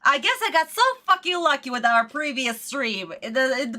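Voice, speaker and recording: A woman's voice: high-pitched, lively intonation, normal speed, hardly any pauses, bright, forceful tone. A young adult woman streaming an episode reaction, ranting and swearing in exasperated outbursts. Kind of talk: casual livestream reaction.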